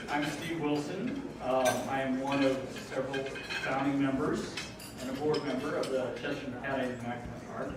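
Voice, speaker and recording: A man's voice: medium pitch, background noise. A man, a school board member, gives an informal gala speech from a podium, talking casually with ums and self-deprecating jokes. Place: large banquet hall at a dinner gala. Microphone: podium microphone heard from a distance. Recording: very echoey hall, far from the mic, dishes clinking. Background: clatter of cutlery and dishes.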